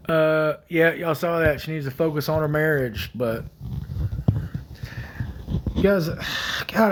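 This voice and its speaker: A man in his thirties hosting a phone livestream, answering viewer comments in a hesitant, soft-spoken way with many fillers and quiet trailing murmurs. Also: fairly high pitch, a little hiss or hum, low-quality recording. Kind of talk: casual livestream chat.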